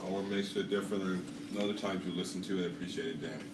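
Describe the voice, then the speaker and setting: A man's voice: deep voice, steady tone, very fast. A man co-hosting a casual podcast, drawling and teasing while eating hot chicken. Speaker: podcast co-host. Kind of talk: casual chat. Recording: echoey room, distant mic, audible noise.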